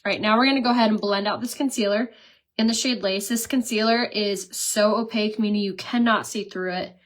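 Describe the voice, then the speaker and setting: A woman in her thirties chatting casually on a live stream while she does her makeup. She talks fast, says "like" a lot and laughs often. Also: mid-range voice, fairly even intonation. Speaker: makeup seller and vlogger. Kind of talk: casual livestream chat while doing makeup.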